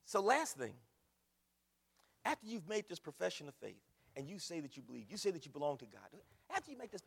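A man preaching, his gravelly voice sitting a little high. He moves from quiet storytelling to ringing declarations and calls the congregation y'all. A long reverb hangs on every word. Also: very animated, brisk. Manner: swings from hushed storytelling to loud preaching; folksy, addresses the congregation as y'all. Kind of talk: sermon.

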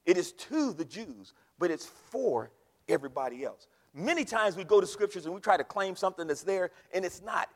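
A man's voice: sits high, lively intonation, moderate pace. A man preaching a fiery sermon in a church, leading the congregation in call and response. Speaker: pastor. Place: church sanctuary. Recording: long hall reverb.

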